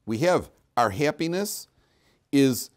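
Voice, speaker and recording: A man's voice: mid-range voice, lively intonation, slow. A man teaching a class as a rabbi, talking informally, questioning students and cracking jokes, with frequent restarts.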